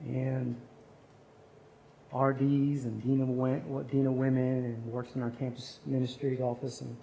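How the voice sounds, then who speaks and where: A man's voice: medium pitch, flat delivery, moderate pace, vocal fry, darkish tone, a little hiss or hum. A man speaking at a chapel service, telling a personal story in an earnest, conversational sermon.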